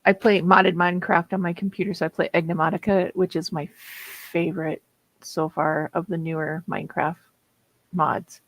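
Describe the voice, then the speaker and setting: A woman's voice: on the low side, little pitch movement, moderate pace, poor audio. A woman in her fifties with a Minnesota accent, chatting casually and laughing often while hosting writing sprints. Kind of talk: casual livestream chat.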